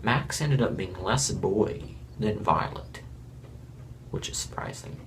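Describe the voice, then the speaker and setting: A man's voice: low voice, animated, takes it slowly, gravelly, slight background noise. A man from Florida giving a casual, blunt and rambling review of a reality show, with chuckling asides.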